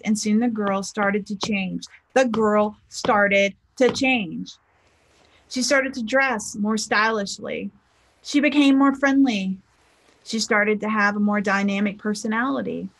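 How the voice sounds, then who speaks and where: A woman with a slightly raised pitch gives a casual motivational talk as a spiritual teacher. She speaks in a chatty, conversational way and slips into lively voices for the people she quotes. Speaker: spiritual teacher and life coach.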